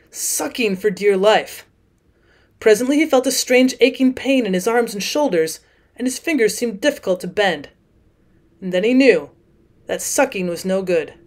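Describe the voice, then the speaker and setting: A woman teacher narrating a classic short story as an audiobook in a steady, clear reading voice. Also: fairly high pitch.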